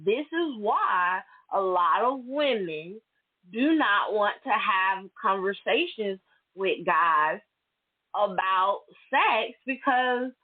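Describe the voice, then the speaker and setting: Solo woman podcast host, slow and blunt, pitched a bit high, tinny phone-line sound. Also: husky. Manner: blunt, emphatic, profane venting.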